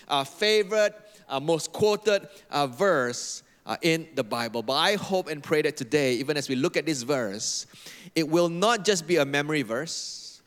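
A man's voice: on the high side, fairly bright tone. A man preaching a sermon as a pastor, emphatic and repeating phrases for effect, leading the congregation in reading aloud together. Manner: leads the congregation in call-and-response reading. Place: church hall. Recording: long hall reverb.

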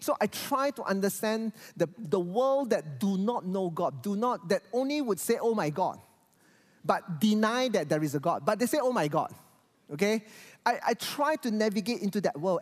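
Lively, animated swings of pitch mark this pastor's sermon, and he often repeats words as he speaks. His voice is followed by a long reverb from the church hall.

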